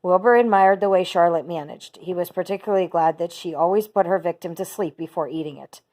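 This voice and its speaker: A teacher reading a children's book aloud, steady and expressive. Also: female voice, fairly low pitch, brisk.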